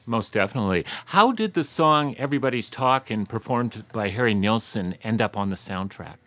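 A man's voice: fairly low pitch, lively intonation, normal speed, fairly bright tone. A man hosting an interview, asking short questions about a classic film. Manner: brief, prompting questions.

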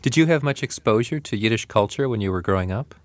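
Low-voiced male radio interviewer. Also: animated, fast talker, dry recording.

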